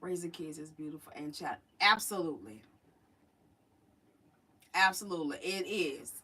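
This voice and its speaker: A middle-aged woman, chatting and telling stories to her live chat, animated and drawling. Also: low voice, normal speed, slightly rough. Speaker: livestream host. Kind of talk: casual storytelling to a live chat. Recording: voice a little distant from the mic.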